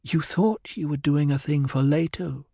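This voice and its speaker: A man voicing a gentle, soothing noblewoman. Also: a little high, unhurried, gravelly, no room sound, clean studio sound, voice pushed up. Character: composed noblewoman, mother, soothing and dignified.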